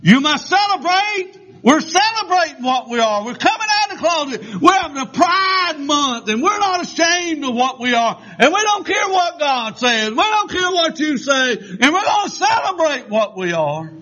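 A man preaching puts on a high, whiny, demanding voice in exaggerated, insistent mimicry. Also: big pitch swings, normal speed, hardly any pauses, sharp tone, full character voice. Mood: mocking, demanding. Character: shrill, demanding, mocking adult voice. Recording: dull lo-fi sound.

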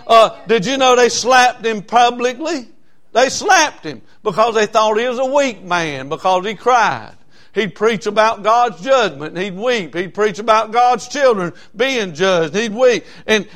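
A man's voice: high voice, fairly bright tone. A man pastor, preaching a sermon in church, emphatic and repetitive with frequent fillers.

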